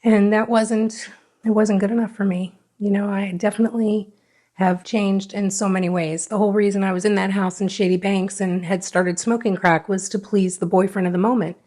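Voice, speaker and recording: A woman's voice: medium pitch, flat delivery, normal speed, warm tone. A middle-aged woman sits as a guest and tells her own recovery story. She speaks frankly and with real feeling. Now and then she slips into the voice she had at the time, replaying what she once said. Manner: frank, emotional, re-enacts her own past words. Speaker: podcast guest.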